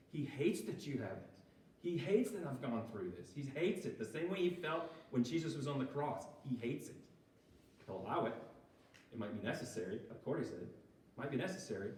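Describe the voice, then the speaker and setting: Speaking to a church recovery group, a man gives a casual, informal sermon in a high, animated voice whose pitch jumps around. He stays conversational and keeps checking in with the audience, heard from some distance in a very echoey hall with slight background noise.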